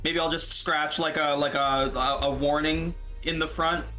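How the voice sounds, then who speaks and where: A man taking his turn in a tabletop role-playing game, explaining his moves in halting, stammering bursts. His voice is bright and sharp and sits a little high for a man. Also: flat delivery, soft background music. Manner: hesitant, stammering. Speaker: player. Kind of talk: tabletop role-play chat.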